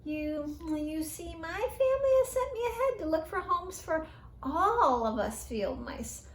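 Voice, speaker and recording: A woman voicing a shy, homeless young field mouse who speaks quietly and hesitantly in a storybook reading. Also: extremely high pitch, big pitch swings, unhurried, voice pushed up, full character voice. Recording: roomy echo.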